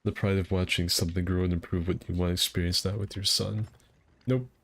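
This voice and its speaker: A man's voice: low voice, flat delivery, brisk, creaky, a bit bright. A man chatting casually while he streams a game, rambling and self-deprecating. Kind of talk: casual gameplay commentary.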